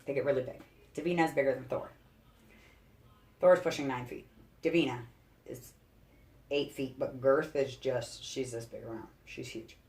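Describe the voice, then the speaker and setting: A woman's voice: a bass voice, steady tone, moderate pace, long pauses, a little mellow. A young woman vlogging casually at home, chatty and a bit out of breath while handling a heavy snake, laughing often between fillers. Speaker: reptile keeper vlogger. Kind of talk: casual show-and-tell vlog. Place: indoors at home. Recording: echoey home room.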